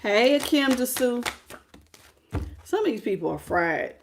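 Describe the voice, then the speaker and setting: A woman giving a live tarot reading in a blunt, slangy, animated way, greeting chat viewers as she goes. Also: on the high side, unhurried, slight background noise. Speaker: tarot reader.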